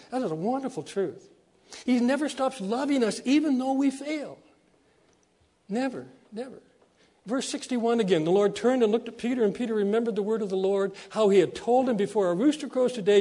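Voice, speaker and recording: Man, pastor preaching a sermon; high, warm voice; emphatic repetitions, soft low dips. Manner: preaching with rising emphasis and repeated phrases.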